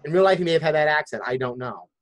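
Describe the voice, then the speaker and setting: A man's voice: on the high side, animated, very fast. A man hosting a podcast in casual chat, thinking aloud and hedging as he goes. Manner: chatty, thinking aloud with hedges. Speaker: podcast host.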